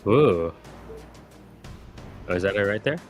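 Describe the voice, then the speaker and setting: A man with a fairly low voice talks slowly and easily as he plays a location game on a live stream. He chats loosely and sometimes hums little tunes to himself. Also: lively intonation. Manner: playful, hums along to music. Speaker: game player on a live show. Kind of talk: casual live-stream chat.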